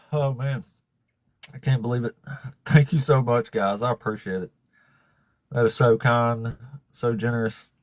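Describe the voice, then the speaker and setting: A man hosting a casual livestream, laughing and swearing as he thanks viewers, emotional and fighting back tears in a raspy voice. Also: mid-range voice, unhurried, pauses often, darkish tone, dry recording, clean studio sound. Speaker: livestream host.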